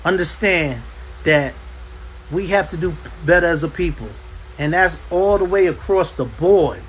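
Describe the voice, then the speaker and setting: A man teaching a Bible class in an impassioned preaching style, forceful and hammering points home by repeating himself. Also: fairly high pitch, measured pace, slight background noise, poor audio. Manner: forceful, repeats "understand" for emphasis. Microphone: livestream.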